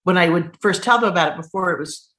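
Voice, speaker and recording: A woman children's author talks quickly and brightly in an interview. She reads her own picture book aloud with animated, storybook emphasis. Her voice sits slightly low for a woman. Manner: lively, quick talk with animated storybook reading.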